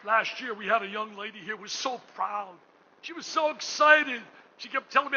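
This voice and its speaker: An older man giving an emotional fundraising speech as gala host in a hotel ballroom. He booms out some lines and drops to a hush on others. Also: moderate pace, slightly rough. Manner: booming, swings between shouting and hushed tones. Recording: muffled recording with room noise.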